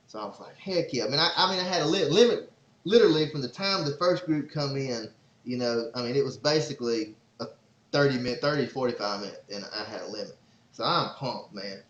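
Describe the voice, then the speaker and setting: Excitable man, roomy sound. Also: medium pitch. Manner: excitable, rambling storyteller. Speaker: podcast host and father. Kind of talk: casual podcast storytelling. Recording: roomy, slightly dull sound.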